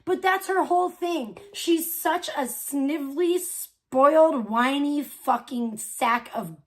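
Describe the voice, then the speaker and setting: A woman hosting a livestream, ranting loudly and scornfully with heavy swearing. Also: high voice, slow pace. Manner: loud, profane, scornful ranting. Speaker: livestream host. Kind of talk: profane livestream rant.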